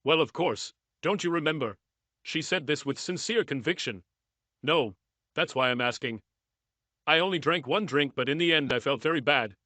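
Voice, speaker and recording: A man narrating a first-person story in a measured, even reading style. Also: a little high, dry recording.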